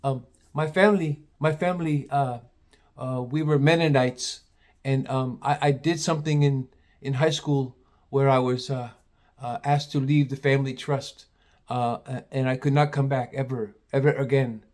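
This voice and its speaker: A man's voice: mid-range voice, steady tone, moderate pace, darkish tone, close to an everyday voice. A man voicing a timid, overly polite and quirky young man who speaks meekly and hesitantly, with many ums. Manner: meek, hesitant, full of ums.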